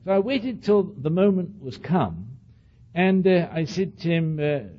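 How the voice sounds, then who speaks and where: Older male lecturer with an accent, slightly high and husky, spinning an anecdote for the hall, recorded on a muffled lo-fi archive tape. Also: unhurried. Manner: animated storytelling with asides to the audience; says he speaks with an accent. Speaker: speaker addressing an audience.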